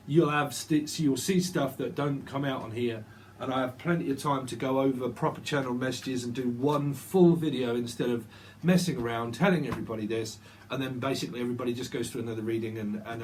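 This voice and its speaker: A man's voice: medium pitch, a little hiss or hum. A man giving a casual tarot reading, rambling and repeating words and names as he goes. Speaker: tarot reader.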